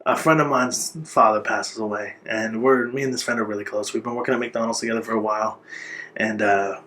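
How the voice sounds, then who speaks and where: A man's voice: on the low side, steady tone, pushed and bright, slight background noise. Earnest man recounting his life story. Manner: earnest and reflective, pausing to gather words. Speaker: interview guest. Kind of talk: personal life story in an interview.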